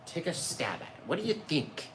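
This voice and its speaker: Man, painting instructor, livestream tutorial, lively up-and-down delivery, chatty, roomy echo, a little off-mic, background noise. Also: fairly high pitch, normal speed, recorded from a distance. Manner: chatty and enthusiastic, talks to viewers in the chat.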